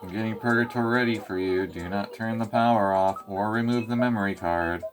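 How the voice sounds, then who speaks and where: A man's voice: fairly low pitch, fairly quick, lightly acted. A man doing a flirty sweet-talking greeter. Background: game music.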